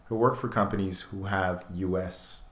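A man's voice: low voice, normal speed. A man hosting a podcast, telling stories animatedly and acting out quoted lines. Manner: animated storyteller, acts out quotes. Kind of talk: casual chat. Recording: roomy echo.

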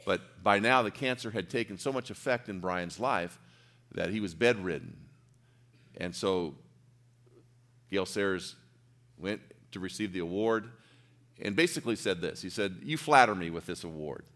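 A middle-aged male preacher with a fairly low voice tells a story from the pulpit. He speaks earnestly and with feeling, sinking to hushed near-whispers and then climbing to loud, emphatic peaks. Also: measured pace, pauses often. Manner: earnest, emotional storytelling with sudden soft drops and loud peaks. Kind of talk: sermon storytelling.

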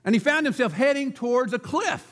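A man's voice: very high-pitched, expressive, a little fast, fairly bright tone, long reverb tail. A man preaching a sermon as pastor, telling a folksy story and laughing at his own joke.

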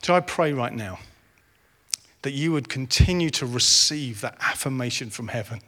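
A man's voice: mid-range voice, expressive, moderate pace, sharp tone. Earnest preacher man in an echoing hall. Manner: earnest, builds to impassioned. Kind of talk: sermon. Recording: reverberant hall.

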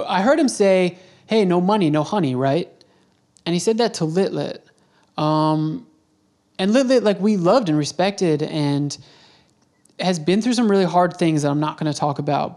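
A man's voice: a little high, darkish tone. Man rambling through a travel story. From United States. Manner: rambling, self-correcting storyteller. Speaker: podcast host.

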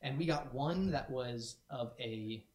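A man's voice: mid-range voice, unhurried. A man co-hosting a community stream, talking casually and enthusiastically with many restarts. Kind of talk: casual chat. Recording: echoey room.

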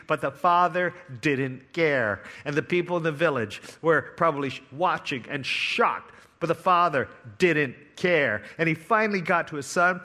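A man preaching a sermon in a bright, forceful voice. His pitch sits a little high for a man. He retells a parable with swings between hushed lines and loud, eager ones. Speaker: pastor.

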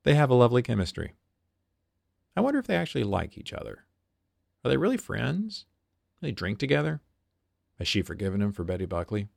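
A man's voice: mid-range voice, huge pitch swings, a little fast, vocal fry, pauses often, a little mellow, dry recording, studio quality. A stage performer reading his own journal aloud, in a wry, observant way with little asides.

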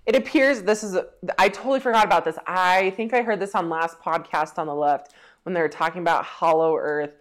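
A woman's voice: lowish voice, brisk. A woman in a casual podcast chat who rambles through what she has read. She fills her talk with "like" and keeps breaking into laughter. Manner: rambling, full of "like", laughs while telling. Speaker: podcast co-host.

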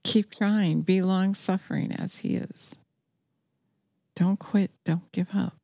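A woman's voice: medium pitch, steady tone, slow, vocal fry, mellow, no room sound, clean studio sound. A woman preaching a sermon, earnest and urgent, telling listeners what she says she has heard and urging them to act.

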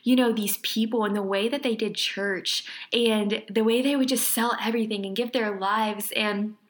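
A woman's voice: a little high, steady tone, normal speed. A young woman telling a personal faith testimony in casual conversation, earnest and emotional, with frequent laughs and many "like"s. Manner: earnest, emotional, laughs often, uses "like" a lot. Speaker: guest.

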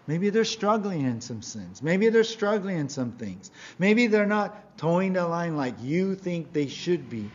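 A man's voice: medium pitch, a little mellow, muffled recording. A man preaching a sermon as pastor, earnest and emphatic, often asking his listeners questions.

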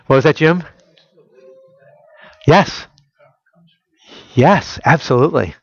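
A man preaching a sermon. He keeps asking the listeners rhetorical questions and swings between loud emphasis and quiet, intimate prayer-like tones. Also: a little high, expressive, slow pace, pauses often, no room sound, lo-fi sound. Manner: asks the audience rhetorical questions. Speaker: pastor.

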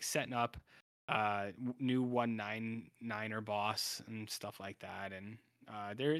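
In a mid-range, fairly bright voice, a male podcast co-host gives a casual TV series recap. He rambles, heavy on fillers and restarts, and the studio sound is clean without room echo.

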